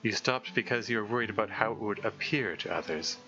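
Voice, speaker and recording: Composed, formal teen girl, as read by a man, bright tone, slightly dull audio. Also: on the low side, faint music behind. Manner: measured, formal phrasing.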